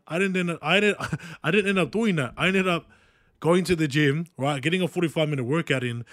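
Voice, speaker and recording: Young australian man, podcast host, earnest and rambling, slightly high voice, dry close mic. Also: fairly bright tone, no room sound. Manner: earnest, repetitive, with frequent "right?" and "guys" asides. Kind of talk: casual motivational monologue.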